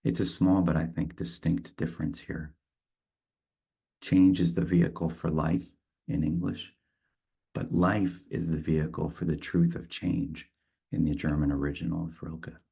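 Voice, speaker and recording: Deep, gravelly man reading poetry. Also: level tone, warm tone. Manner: slow, thoughtful, with halting repeats. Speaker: poet leading a guided meditation. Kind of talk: reflective talk and poetry reading.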